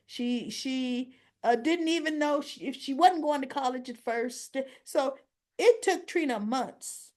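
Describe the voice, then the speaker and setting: A woman's voice: a little high, a little mellow. A woman hosting a casual soap opera recap, retelling scenes in a chatty, opinionated way. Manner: chatty, opinionated retelling with frequent "he goes, she goes".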